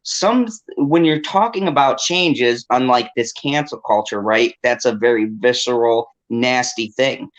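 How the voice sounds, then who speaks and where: This is a man in a relaxed group call, speaking earnestly and at length in a voice of middling pitch. His delivery is thoughtful and steady. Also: unhurried, hardly any pauses, highs cut off. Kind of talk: casual group chat.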